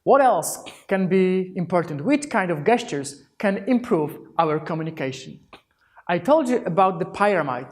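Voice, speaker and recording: A man giving a workshop talk on presentation skills, with phrasing, frequent restarts and lively acted-out examples. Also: high-pitched, normal speed. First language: Polish. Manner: demonstrative, acts out example greetings; non-native phrasing with restarts. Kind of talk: live workshop talk on body language.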